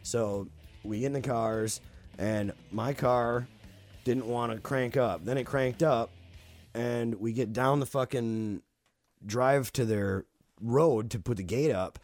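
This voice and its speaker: A man's voice: mid-range voice, slow, darkish tone, soft background music. A man casually telling a spooky story on a podcast, swearing freely and talking animatedly.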